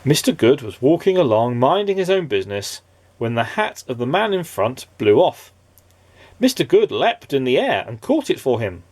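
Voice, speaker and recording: A dad reads a children's storybook aloud in a dry, close recording. His voice swoops up and down with lively expression, and his pitch sits in the middle range. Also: normal speed, no echo. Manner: expressive, playful reading.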